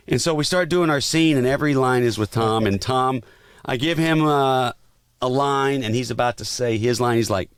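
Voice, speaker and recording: A middle-aged man telling a casual anecdote as a podcast guest, animated and acting out quoted lines. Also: mid-range voice, normal speed, clean tone, no room sound, studio quality. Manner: animated storyteller who acts out quotes and laughs often.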